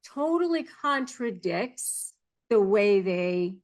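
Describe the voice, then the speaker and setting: Woman, middle-aged, earnest advice coach, slow deliberate delivery, explanatory. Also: medium pitch, lively intonation. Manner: earnest, explanatory, mimics others' phrases. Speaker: narcissism negotiation coach. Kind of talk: advice talk to camera.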